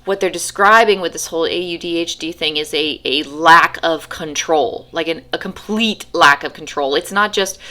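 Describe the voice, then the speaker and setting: A woman's voice: sits low, moderate pace, few pauses, pushed and bright. A woman vlogging casually to camera, rambling with many restarts and acting out her own frustrations. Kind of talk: casual talking-to-camera vlog.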